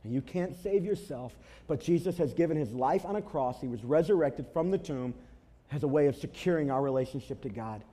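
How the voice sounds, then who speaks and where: A man's voice: a little high, a little fast. Emphatic male pastor preaching a sermon. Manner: animated storytelling with emphatic repetition. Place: church before a congregation.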